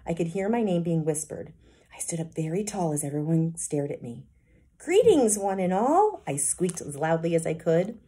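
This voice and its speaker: Woman, kindergarten teacher, children's book read-aloud, expressive narration, mellow dark tone. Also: sits low, moderate pace, husky.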